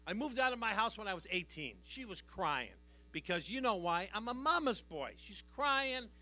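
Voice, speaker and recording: A man's voice: high voice, big pitch swings, moderate pace, pushed and bright. A middle-aged man doing a stand-up comedy routine on a live stage, working the crowd with a brash, punchy delivery. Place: live stage before an audience.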